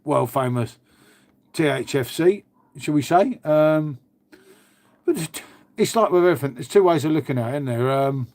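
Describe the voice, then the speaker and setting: A man's voice: a little high, lively intonation, moderate pace, pauses often, a little mellow, no room sound. A man chatting casually on a live stream, swearing freely and calling everyone "mate". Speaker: livestream host. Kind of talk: casual live chat with viewers.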